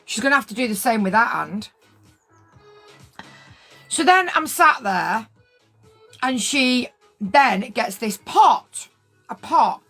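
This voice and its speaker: Woman, 50s, fairly high voice, livestream chat, indignant, repeats herself for emphasis. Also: lively intonation, slow pace, pauses often, a bit bright, slightly rough, soft background music. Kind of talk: casual livestream chat with viewers.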